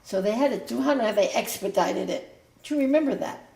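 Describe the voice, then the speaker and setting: Older woman rambling through family memories, high voice. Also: animated, brisk, gravelly, a little mellow, roomy sound. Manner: rambling, self-interrupting storyteller. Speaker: mother recounting family history. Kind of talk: casual family reminiscence.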